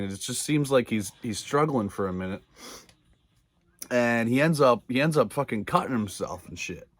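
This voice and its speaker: A man's voice: medium pitch, dry recording. A man casually recapping a TV episode, rambling with many fillers, cursing freely and laughing along. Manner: rambling, profane, filler-heavy, laughs often. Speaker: video reviewer.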